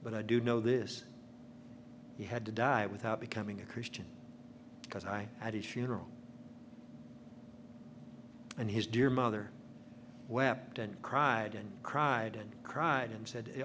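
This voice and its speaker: An older man preaching a sermon, telling homely stories and slowing to stress key words. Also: lowish voice, fairly even intonation, fairly bright tone, a little hiss or hum. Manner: folksy storytelling with slow emphatic phrasing.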